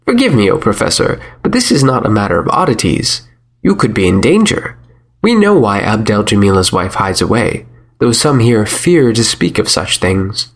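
A man's voice: fairly low pitch, sing-song, moderate pace. A man reading a story, voicing a stern, superstitious village sheikh who speaks with pious, scowling insistence. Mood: grim. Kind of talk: audiobook character voice.

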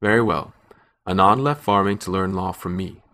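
A man narrates a story in the first person with a measured, unhurried delivery. His voice sits on the low side, and his reading stays steady and controlled. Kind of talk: scripted narration.

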